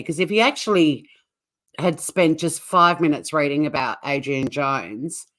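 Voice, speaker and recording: A woman's voice: low-pitched, fairly bright tone. An Australian woman co-hosting a casual reaction chat, blunt, swearing and laughing often. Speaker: channel co-host.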